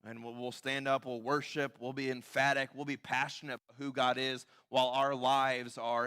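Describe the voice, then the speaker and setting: A man preaching a sermon in a church, talking conversationally, acting out quoted voices and often dropping to quiet emphasis. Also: medium pitch, level tone, normal speed, hardly any pauses, smooth. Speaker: pastor. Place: church sanctuary.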